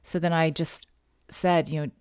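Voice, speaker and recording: Low-voiced woman telling a personal story. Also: flat delivery, a little mellow, smooth, dry recording, clean studio sound. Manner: halting, reflective, frequent restarts. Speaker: podcast guest sharing a personal story.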